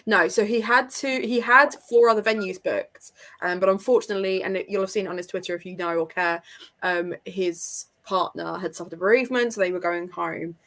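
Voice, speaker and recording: Co-host, young woman, casual and excitable, laughs and swears a lot. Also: mid-range voice, fairly quick. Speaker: podcast co-host. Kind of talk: casual chat.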